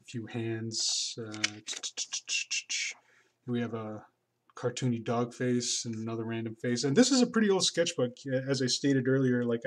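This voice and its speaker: A man casually narrating a tour of his old sketchbook, rambling with many fillers and restarts. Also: mid-range voice. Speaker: artist vlogger.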